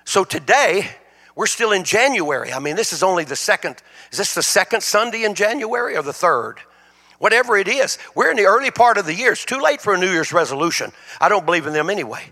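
High, bright-voiced man preaching in a hall. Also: sing-song, fast. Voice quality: folksy, plain-spoken preaching with colloquial grammar. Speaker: guest preacher. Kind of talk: sermon. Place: church sanctuary. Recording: long reverb of a church hall.

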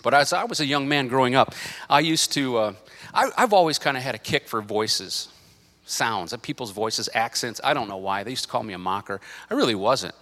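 A middle-aged male pastor preaching a sermon in church, animated, swinging between loud bursts and quiet asides, with joking side remarks. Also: mid-range voice, a little fast, in a large hall. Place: church sanctuary.

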